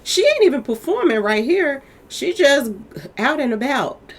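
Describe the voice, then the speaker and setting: A woman with a high, unhurried voice runs her own commentary channel, chatting animatedly about celebrity gossip. She speaks straight to her viewers in a chatty way, repeatedly calling them "y'all."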